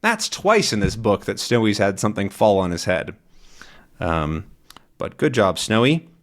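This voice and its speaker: Relaxed man explaining a comic. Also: lowish voice, measured pace. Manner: relaxed and chatty, with frequent fillers. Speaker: English teacher. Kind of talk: explaining a comic for English learners.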